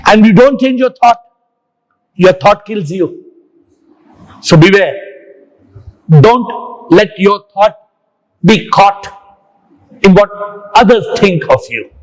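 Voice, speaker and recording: A man's voice: high-pitched, lively intonation, slow pace, long pauses, poor audio. A man giving a motivational talk in an interview, punchy and repetitive with word-play and acronyms. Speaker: guest speaker on the mind and life.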